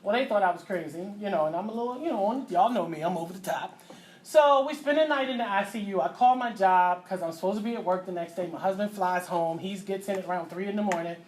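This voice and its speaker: A middle-aged woman, telling a personal story as a mother. She talks in a lively way, acting out voices and sound effects with loud bursts. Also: mid-range voice, fast talker. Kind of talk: animated storytelling to an audience.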